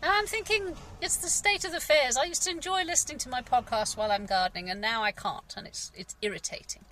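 Bright-voiced English woman, rambling and frank. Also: sits high, quick pace, low-quality recording. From England. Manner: rambling, candid, frustrated, frequent sighs and fillers. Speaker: gardener. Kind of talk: personal vlog monologue.

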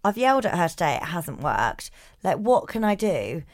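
A woman in her thirties, co-hosting a casual chat and telling stories in an animated, swearing style. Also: fairly low pitch, moderate pace. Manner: animated storytelling, swears freely, acts out quotes. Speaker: podcast co-host.

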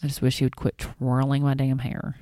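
A woman's voice: very deep voice, completely flat delivery, brisk, warm tone, no room sound. Chatty woman podcast co-host. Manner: chatty, rambling storyteller, swears casually. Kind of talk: casual chat.

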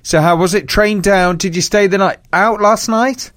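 A man hosting a podcast who asks quick, teasing questions in casual chat. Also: high-pitched, fairly bright tone, dry recording, studio quality. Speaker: podcast host.

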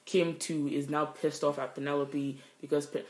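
A woman's voice: sits low, flat delivery, normal speed. A woman co-hosting a podcast, telling a workplace story in casual chat, swearing freely. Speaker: podcast co-host. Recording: roomy echo.

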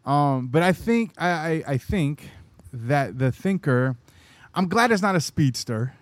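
A man's voice: on the high side, animated, measured pace, dry recording. A man co-hosting a podcast in casual chat, easygoing and rambling, often restarting his sentences. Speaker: podcast co-host.

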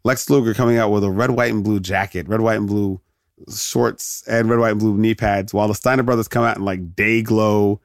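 A man's voice: lowish voice, steady tone, brisk, creaky, no echo, studio quality. A man hosting a podcast, chatting casually and digressing into jokes, laughing often. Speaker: podcast host. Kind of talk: casual rambling commentary.

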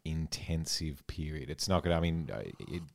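A man's voice: rumbling low, normal speed, gravelly, darkish tone. An Australian man co-hosting a podcast, chatting casually and often stumbling over his starts. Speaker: podcast co-host. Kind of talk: casual chat.

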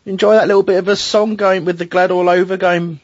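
A man's voice: high voice, flat delivery, fairly quick, no echo. A man hosting a casual football fan podcast, chatty and self-deprecating, with frequent restarts. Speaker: podcast host. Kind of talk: casual fan radio chat. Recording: dull lo-fi home recording.

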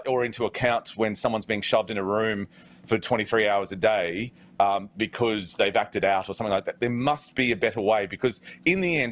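A man co-hosting a talk show, giving measured, thoughtful views with many ums and uhs. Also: fairly low pitch, fairly bright tone, a little hiss or hum. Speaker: co-host. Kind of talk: casual talk show discussion.

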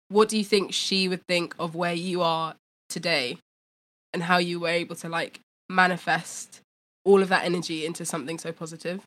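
Lower-voiced woman podcast co-host. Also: a bit bright. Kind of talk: conversational interview.

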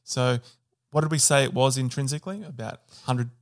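A man's voice: medium pitch, steady tone, a little fast, no room sound, studio quality. A man co-hosting an educational podcast, explaining step by step with fillers, self-corrections and the odd joke. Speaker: podcast co-host. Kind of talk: casual educational chat.

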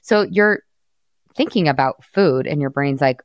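An upbeat woman coach in her thirties talks a client through her habits with easy laughs and patient explanations. Her voice sits low for a woman. The sound is dry and close, with no room around it. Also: lively intonation, a little slow, dry recording. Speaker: weight-loss coach and podcast host. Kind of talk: coaching conversation.

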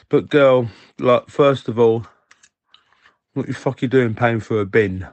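A man's voice: mid-range voice, normal speed, a little mellow, no echo. A man leaving a casual voicemail for a podcast while eating, cheeky and gossipy. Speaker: caller.

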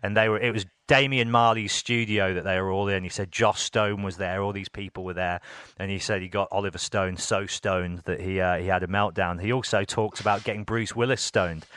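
A man from England hosts a podcast, telling anecdotes from his music interviews in a relaxed, animated way. His voice sits a little low but sounds bright and forward, recorded dry and close with almost no room. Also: fairly quick, dry recording. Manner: animated, laughs often, acts out quotes. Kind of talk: casual storytelling chat.

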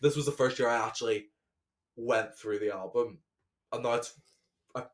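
A man's voice: medium pitch, moderate pace. Chatty, laughing podcast co-host man. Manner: chatty, sweary, laughs often. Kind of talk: casual chat.

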